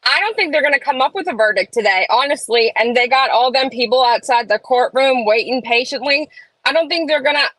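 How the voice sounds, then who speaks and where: Casting: woman, slightly high voice, chatty live-stream host, dry close sound. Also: brisk, a bit bright, no room sound, rough recording. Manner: chatty, reads chat aloud, opinionated asides. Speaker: livestream host. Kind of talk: casual live-stream chat. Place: home room.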